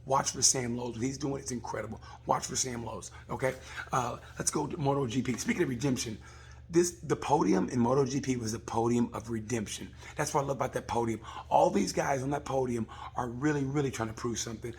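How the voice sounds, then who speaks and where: A man, a comedian, rambling through a casual comic review of a race, swearing and acting out people in quick asides. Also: medium pitch, darkish tone, husky. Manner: rambling, profane, acts out voices in quick asides.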